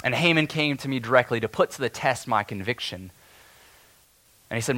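A man's voice: mid-range voice, a little fast. A man telling as Mordecai, steadfast and defiant. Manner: earnest, stirring, swings between loud declarations and hushed tension. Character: steadfast, defiant elder of the king's gate, in first person. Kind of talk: dramatic first-person biblical monologue.

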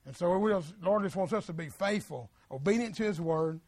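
High-voiced folksy male preacher. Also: fairly quick, darkish tone, no room sound. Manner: folksy, plain-spoken, repeats phrases. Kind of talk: sermon.

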